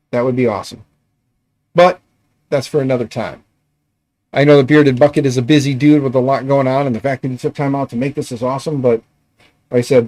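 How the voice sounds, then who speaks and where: A man's voice: mid-range voice, darkish tone. A man hosting a casual livestream, thinking aloud in a rambling way as he tinkers. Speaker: livestream host.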